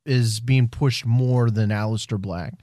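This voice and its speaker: A man at a middling pitch co-hosts a casual podcast chat. He teases, jokes, and keeps pressing with questions. His voice sounds dry and close to the mic. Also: fairly even intonation, unhurried, dark tone, dry recording. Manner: teasing, jokey, questioning. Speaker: podcast co-host.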